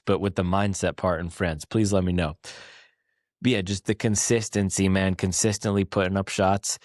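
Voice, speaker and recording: Low-voiced American man giving pep talk. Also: normal speed, no room sound, clean studio sound. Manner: energetic, self-correcting, motivational. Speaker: podcast host. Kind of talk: casual advice talk. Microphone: small wireless clip-on mic.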